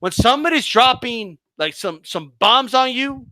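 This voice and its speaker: A man's voice: extremely high pitch, animated, normal speed, sharp tone, no echo. A man hosting a boxing livestream, ranting heatedly with profanity and stammering restarts.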